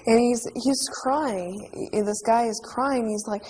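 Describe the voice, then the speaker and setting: A woman in her twenties recalling a childhood memory in an interview, in a halting, vivid way. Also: a little high, darkish tone, slight background noise, rough recording. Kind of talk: emotional personal recollection. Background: music underscore.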